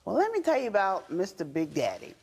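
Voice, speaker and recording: A woman telling a courtroom story about her husband, animated and acting out her own thoughts. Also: mid-range voice, brisk, over a noisy crowd. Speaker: wife in a court case.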